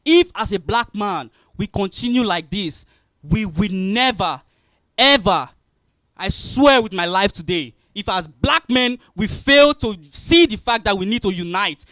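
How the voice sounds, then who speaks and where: A man with a very high voice argues from the audience, agitated and emphatic. The sound is dry and close, and he presses his words with force. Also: animated, unhurried, bright, forceful tone, dry recording. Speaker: audience member challenging the speaker. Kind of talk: heated public argument.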